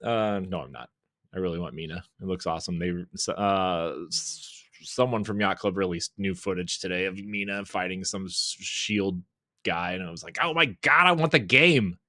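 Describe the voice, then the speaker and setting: A man's voice: deep voice, moderate pace, a bit bright, dry recording, clean studio sound. A man hosting a podcast in casual chat, joking and teasing with his co-hosts and laughing often. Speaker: podcast host and editor.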